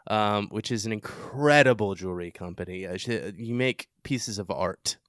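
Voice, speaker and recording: A man's voice: on the low side, normal speed, fairly bright tone, smooth, dry recording, clean studio sound. A man hosting a podcast, asking questions in a friendly, casual way and laughing easily. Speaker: podcast host. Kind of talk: casual interview chat.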